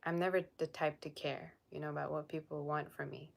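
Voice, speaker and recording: Sassy low-voiced woman chatting live. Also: level tone, a little fast, creaky. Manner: sassy, blunt, reads chat comments aloud. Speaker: tarot reader hosting a live stream. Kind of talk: casual live-stream chat.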